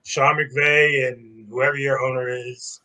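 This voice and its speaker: A man's voice: mid-range voice, little pitch movement, slow, bright, forceful tone, rough recording. A man co-hosting a sports podcast, casually running through teams and trades one by one.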